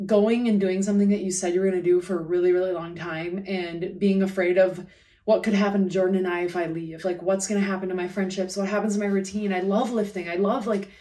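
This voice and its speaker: A woman co-hosting a casual podcast chat remotely, excitable and swearing freely, with a slight lisp from her retainers. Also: medium pitch, fast, far from the mic. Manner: excitable, swears, heavy use of "like". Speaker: podcast co-host. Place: remote, away from home studio.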